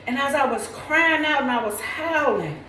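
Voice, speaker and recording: Tearful woman testifying to camera, high and impassioned, recorded in an echoey space from a little distance. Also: lively intonation, moderate pace, slight background noise. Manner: preacherly, calls listener "baby", rises into near-shouting praise.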